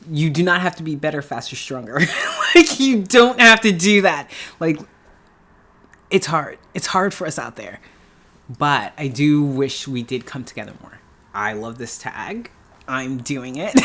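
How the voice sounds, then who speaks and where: A woman's voice: rumbling low, fairly bright tone. A middle-aged woman from New York talking casually in a vlog, chatty and emphatic, laughing often and repeating herself for effect. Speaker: beauty YouTuber.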